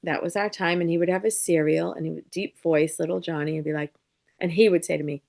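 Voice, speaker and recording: A woman guest on an interview show, telling lively, lighthearted stories and acting out quotes as she talks. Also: on the low side, fast talker, gravelly. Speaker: psychic medium guest. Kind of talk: casual interview storytelling.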